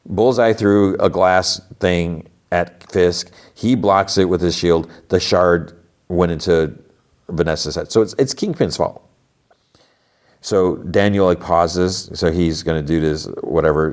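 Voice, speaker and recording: Deep-voiced man recapping a TV episode. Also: darkish tone. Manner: retells scenes with quoted dialogue, lots of "like"; sarcastic asides to characters. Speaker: podcast host.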